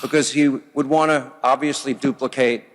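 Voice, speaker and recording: A man giving a formal, earnest, flattering funeral speech. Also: mid-range voice, moderate pace. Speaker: funeral speaker. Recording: long reverb of a big hall.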